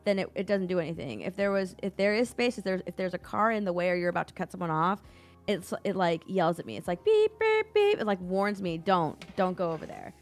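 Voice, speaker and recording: A woman's voice: fairly low pitch, fast talker, faint music behind. A woman chatting casually on a stream, telling a story animatedly and acting out what people said. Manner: animated storyteller, acts out quotes. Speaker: stream co-host. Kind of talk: casual chat while painting.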